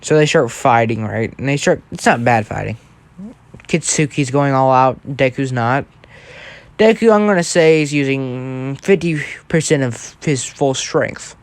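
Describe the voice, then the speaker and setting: A man's voice: medium pitch, measured pace, dry recording. A man telling an improvised fan story in a casual, rambling way, often checking in with "right?" and changing details as he goes. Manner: changes details mid-thought.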